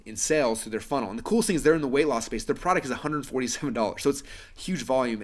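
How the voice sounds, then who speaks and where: Man, webinar host, quick pace, earnest sales pitch, medium pitch, lots of fillers. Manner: fast, earnest, persuasive, many fillers.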